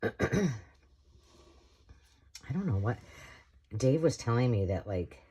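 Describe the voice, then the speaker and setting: A middle-aged American woman with a slightly hoarse voice, chatting casually while making a craft project. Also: a bass voice, animated, slow, dark tone. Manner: chatty, rambling, self-talk while working. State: slightly hoarse, frog in throat. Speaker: crafting tutorial host. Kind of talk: casual craft tutorial chat.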